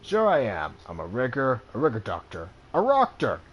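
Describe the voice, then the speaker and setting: A loud, joking, hungover middle-aged cyber doctor, as a let's-play host puts him on in a video game. He talks brash and cheerful, with a voice set a little above the reader's own and with faint music playing behind. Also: fairly low pitch, very animated, fairly quick. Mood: boisterous.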